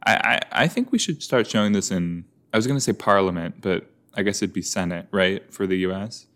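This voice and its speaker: A man's voice: sits low, fairly quick, fairly bright tone. A man chatting casually and joking as he reacts to a show, with many fillers. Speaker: reaction video host.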